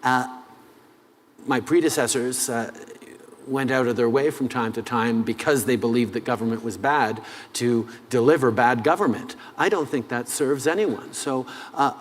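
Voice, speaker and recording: A man gives measured interview answers, stopping often on "uh" as he builds his points. His voice sits in a middle pitch. The sound carries a long reverb, as if in a large hall. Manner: measured, with frequent "uh" pauses. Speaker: head of government being interviewed.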